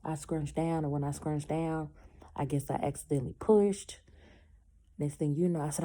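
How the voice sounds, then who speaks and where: A woman's voice: low-pitched, steady tone, normal speed, warm tone. A woman telling a personal story casually, acting out the people she quotes and stopping now and then to say she is in pain.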